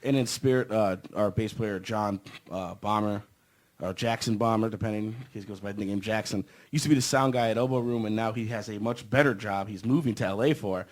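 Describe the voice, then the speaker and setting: A man's voice: on the low side, a little fast. A man in a band, talking casually as a podcast guest in a rambling, joking way with many fillers. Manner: rambling, joking, heavy with fillers like "you know". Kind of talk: casual podcast interview chat.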